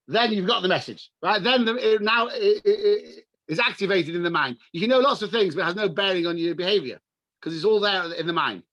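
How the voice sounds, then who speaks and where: An English man, a rabbi, teaching a class over a video call and telling stories in an animated way, with Hebrew and Yiddish words mixed in. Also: sits high, no echo, lo-fi sound. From England. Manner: animated storyteller, mixes in Hebrew and Yiddish terms. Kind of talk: Torah class with storytelling.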